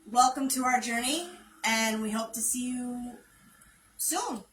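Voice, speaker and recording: Woman, livestream host, casual chat, playful, higher pitch, echoey room. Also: slow pace, a bit bright, slight background noise. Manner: playful, chatty, laughs often. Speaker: channel host.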